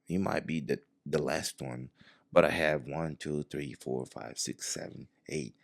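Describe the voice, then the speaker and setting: Deep gravelly man. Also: measured pace, no room sound, studio quality. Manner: animated, acts out quoted dialogue. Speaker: jiu-jitsu professor, guest. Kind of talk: casual storytelling.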